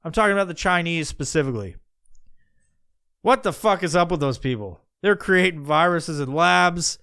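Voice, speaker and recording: In a rambling, casual monologue, a man musing aloud on his podcast meanders from thought to thought, cursing and restarting repeatedly. He speaks at a normal pace in a smooth, resonant voice on the high side, animated throughout. The recording is close and dry, with no room around it.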